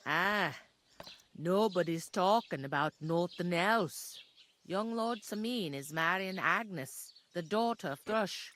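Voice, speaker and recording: A woman's voice: lowish voice, lively intonation, takes it slowly, a bit bright, slight background noise. A woman voicing a chatty, earthy village tavern keeper in a game, talking in a folksy, gossipy way. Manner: gossipy, homely, folksy talk.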